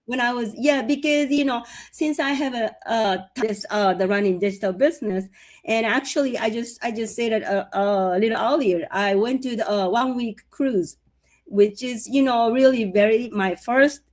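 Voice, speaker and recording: A woman's voice: fairly high pitch, normal speed. A woman co-hosting a casual podcast chat, talking loosely with lots of fillers and agreeing readily. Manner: chatty, many fillers, warm agreement. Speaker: co-host.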